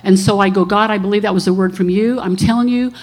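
A woman's voice: medium pitch, steady tone, fast. A woman in her sixties, a minister, giving an earnest testimony to a church congregation and telling stories along the way. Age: 60s.

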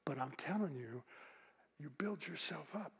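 Older man, pastor, husky voice, fairly high, folksy sermon, loud then hushed. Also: lively intonation, normal speed, dull audio.

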